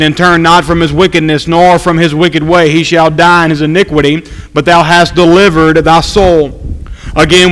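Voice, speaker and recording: A man preaching an evening sermon, reading scripture aloud and slowly repeating his key points for emphasis. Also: fairly high pitch, fairly bright tone, smooth, in a large hall, poor audio.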